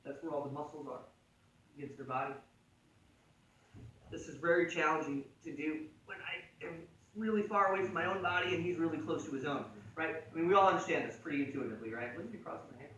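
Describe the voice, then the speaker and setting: A man with a bright, ringing voice, on the higher side for a man, teaching a jiu-jitsu class in casual, joking talk. He is recorded from a distance in an echoey gym, with faint room ambience behind him. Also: fast, a little hiss or hum. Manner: joking, conversational, frequent "right?" check-ins. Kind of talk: casual technique instruction. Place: martial arts gym.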